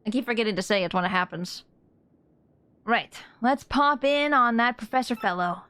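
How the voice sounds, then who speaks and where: A young adult woman streaming a game, chatting casually and excitably while she plays. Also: fairly high pitch, moderate pace, clean tone, no echo. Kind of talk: casual gameplay commentary. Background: game music.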